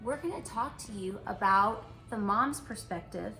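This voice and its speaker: A middle-aged woman and mother telling a lively story in a casual vlog, repeating herself for effect. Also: mid-range voice, a little slow, echoey room, faint music behind, poor audio. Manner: animated, repetitive storytelling. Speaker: mother and animal vlogger.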